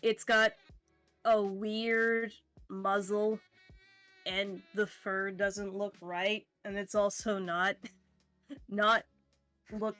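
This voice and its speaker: Slow-paced woman game master. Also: mid-range voice. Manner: slow, relaxed narration with fillers and laughs. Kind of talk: narrating a tabletop game.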